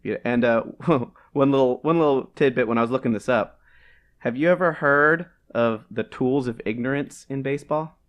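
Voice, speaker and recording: A man co-hosting a casual podcast, talking at an ordinary middle pitch. He rambles through his points, restarting sentences and laughing as he goes. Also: normal speed. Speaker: podcast co-host. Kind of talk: casual chat.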